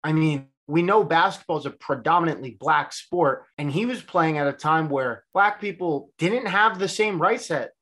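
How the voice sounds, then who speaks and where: A man's voice: on the high side, normal speed, few pauses, fairly bright tone. A man in his twenties hosting a solo sports podcast, talking in an earnest, reflective, conversational way. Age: 20s. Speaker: podcast host.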